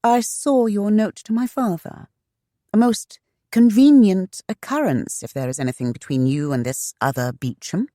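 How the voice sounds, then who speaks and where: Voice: medium pitch, animated, normal speed, dark tone, no room sound, clean studio sound, pitched above the performer's own voice, lightly acted. A narrator voicing a determined young woman who questions a man with open suspicion. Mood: suspicious. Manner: pointed, probing.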